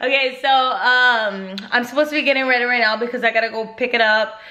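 A woman in her twenties chatting excitedly and nervously in a casual vlog. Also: a little high, a little fast, raised voice. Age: 20s. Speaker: vlogger.

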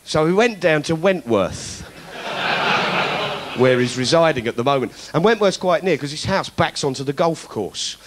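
A man's voice: fairly high pitch, expressive, a little slow, fairly bright tone, a little hiss or hum. A man doing stand-up political comedy, ranting in mock indignation with plenty of swearing. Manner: acts out other people's voices.

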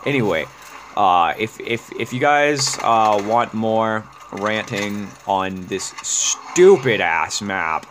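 A man's voice: expressive, slow, a bit bright, a little hiss or hum. A man giving a profane, exasperated rant while commenting on gameplay. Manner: exasperated, profane ranting, swinging pitch up and down. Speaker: gaming YouTuber.

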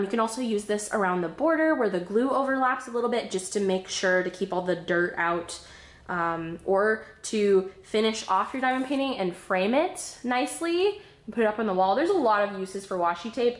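A woman chatting casually and excitedly while unboxing crafts, a little out of breath, bubbly and giggly. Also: medium pitch, reverberant. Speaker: craft vlogger.

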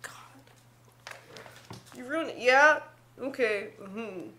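A woman's voice: on the high side, expressive, takes it slowly, bright, forceful tone. A woman streamer, heard in a played clip, venting bluntly and bitterly with heavy swearing.

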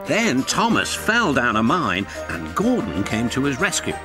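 A man's voice: medium pitch, unhurried, hardly any pauses. A man with a British accent narrating a children's railway story in a storytelling manner. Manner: warm storytelling, expressive. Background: music.

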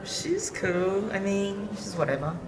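A woman's voice: mid-range voice, big pitch swings, a little slow, very echoey, in a large hall, distant mic, background noise. A woman acting in an amateur drama, talking bluntly and confrontationally.

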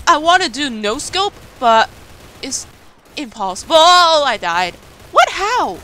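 A woman giving casual, excitable commentary on her own gameplay, mocking herself and laughing often. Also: high-pitched, slow pace. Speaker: gaming video creator. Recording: faint game music behind.

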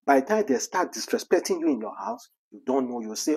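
A man giving animated, scolding celebrity gossip commentary full of rhetorical questions. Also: fairly high pitch, brisk, creaky, breathy edge.

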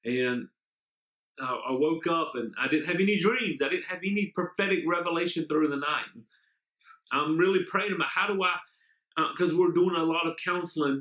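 Male pastor, fervent sermon and prayer, somewhat high voice, roomy echo. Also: normal speed, fairly bright tone. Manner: fervent, repeats amen and hallelujah. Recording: echoey room.

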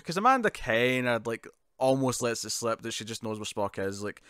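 A man's voice: medium pitch, sing-song, normal speed, fairly bright tone, smooth, no echo, studio quality. A man co-hosting a casual podcast review, talking with lots of laughs and repeated words. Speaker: podcast co-host.

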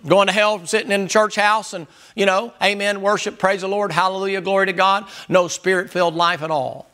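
High, bright-voiced preacher man. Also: steady tone, brisk. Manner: loud, emphatic, hollering at times. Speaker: pastor. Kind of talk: sermon.

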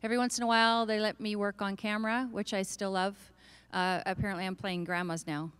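A middle-aged woman speaks into a panel mic in a large convention hall, bright and crisp in tone. She talks in a chatty, self-deprecating way, laughing between points, with a clear, polished voice. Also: mid-range voice, little pitch movement, fairly quick. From Canada. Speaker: voice actor panelist.

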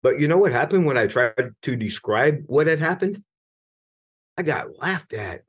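A man's voice: on the high side, expressive, normal speed, husky. A middle-aged American man, a retired Navy senior chief, telling his own story candidly in an interview, earnest and at times emphatic, with frequent restarts. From United States.

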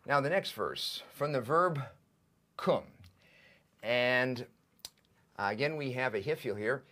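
Male seminary professor, slow and methodical lecture delivery. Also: medium pitch, animated, pushed and bright. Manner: deliberate, methodical, reads out and translates word by word. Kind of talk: lecture on biblical Hebrew.

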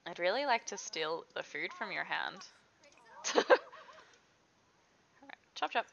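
A woman's voice: lowish voice, big pitch swings, slow, vocal fry, fairly bright tone, highs cut off, a little hiss or hum. A young woman chatting casually through a life-sim game, giggling and talking to her characters as she plays. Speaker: gaming video host. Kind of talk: casual let's-play commentary.

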